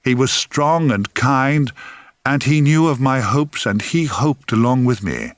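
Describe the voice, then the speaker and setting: A man reading his own memoir aloud in a wry, theatrical way, sometimes dropping to a hush. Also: medium pitch, expressive, unhurried, no echo. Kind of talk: audiobook memoir narration.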